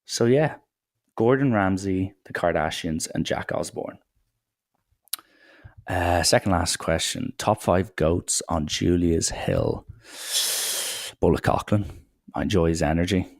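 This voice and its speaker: A young man talks through a solo podcast episode in a low, gravelly voice. His delivery rambles and stays irreverent, and he swears freely. The sound is dry and close, with little room around it. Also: big pitch swings, slow pace, long pauses, dry recording. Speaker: podcast host.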